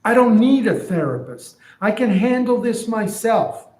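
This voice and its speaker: A man voicing a meek male donkey who stammers and defends his owner, in a higher, softer voice than his own, in an echoey room. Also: big pitch swings, unhurried. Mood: meek, defensive. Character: meek battered male donkey, loyal, making excuses. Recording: roomy echo.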